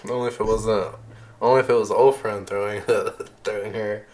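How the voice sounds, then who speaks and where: A man narrating as game master in a casual, halting way with frequent restarts. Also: on the low side, fairly even intonation, darkish tone.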